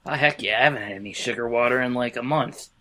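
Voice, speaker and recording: A woman's voice: very deep voice, fast, fairly bright tone. A woman player in a tabletop game, talking eagerly and playfully in character. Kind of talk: casual tabletop role-play.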